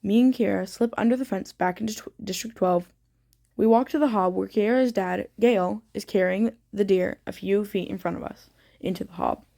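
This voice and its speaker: A woman's voice: medium pitch, normal speed, vocal fry, mellow. A woman reading her own fan fiction aloud in the first person, with frequent slips and restarts.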